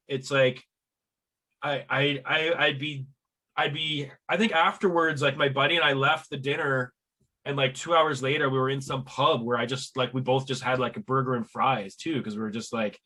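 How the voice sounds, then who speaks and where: A man hosting a podcast, chatting casually and telling stories in an animated way, with repeated stammered starts. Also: normal speed. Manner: animated storyteller who mimics friends in high voices. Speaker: podcast host. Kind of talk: casual chat.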